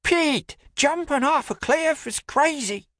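Storybook role: high-pitched, mocking young male buddy voiced by a male reader, loud and lively. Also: slow pace, no room sound, heavily acted. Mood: skeptical.

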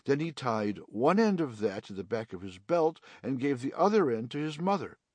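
A man narrating a children's storybook audiobook in an expressive reading style. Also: mid-range voice, moderate pace, no room sound.

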